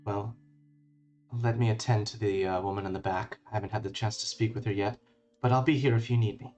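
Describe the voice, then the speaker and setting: Man doing a kindly priestess, soft, quiet, polite, low voice, tabletop game. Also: steady tone, fairly quick, muffled recording, soft background music, natural voice. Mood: gentle. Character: gentle kindly woman priestess healer.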